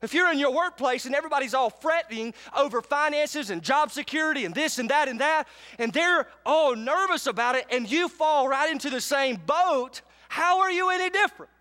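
High-voiced pastor preaching. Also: male voice, animated, moderate pace, bright, forceful tone. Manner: emphatic, calls out to congregation for responses. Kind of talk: sermon. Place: church sanctuary with live congregation.

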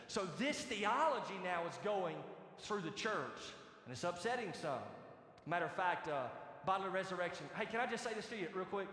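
Male pastor, sermon, high voice, bright, echoey church hall. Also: fairly quick. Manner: animated, conversational, rhetorical questions to the congregation.

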